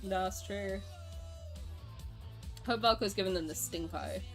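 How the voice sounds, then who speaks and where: A woman streamer casually chatting with her viewers and reacting to their comments. She is excitable, swears freely and laughs often. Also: mid-range voice, takes it slowly, faint music behind.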